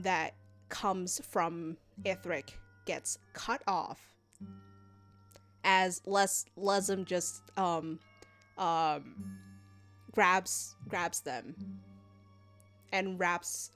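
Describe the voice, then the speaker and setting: A woman streamer, game master, narrating a tabletop game on a live stream, halting with many fillers. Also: on the low side, a bit bright.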